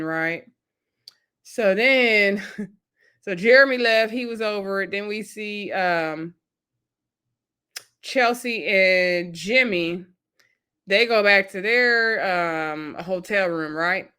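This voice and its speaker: Woman going over a reality show ep, animated, does little voices for everyone, laughs a lot. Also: mid-range voice. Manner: animated, acts out quotes in different voices; laughs between remarks. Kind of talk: casual recap chat.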